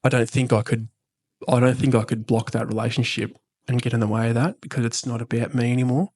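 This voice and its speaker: A man's voice: medium pitch, level tone, fast talker, darkish tone. A man who is a military veteran and father, speaking frankly and reflectively as a podcast guest and swearing freely. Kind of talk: candid reflective conversation.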